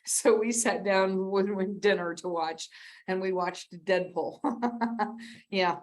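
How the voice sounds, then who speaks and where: A woman's voice: medium pitch, takes it slowly. A middle-aged woman giving a conversational, rambling sermon as a guest speaker, laughing often at herself. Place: church sanctuary.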